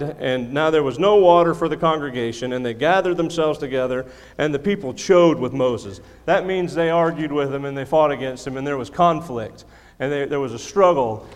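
A man preaching a sermon to his congregation into a microphone, emphatic, repeating key lines, with self-deprecating humor. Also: fairly high pitch. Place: church sanctuary. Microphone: handheld or stand microphone. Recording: long hall reverb.

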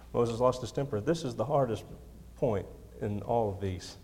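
A man's voice: medium pitch, unhurried, a little mellow. Man, preacher, sermon, emphatic repetition, self-deprecating humor, church mic, long reverb. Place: church sanctuary. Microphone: handheld or stand microphone.

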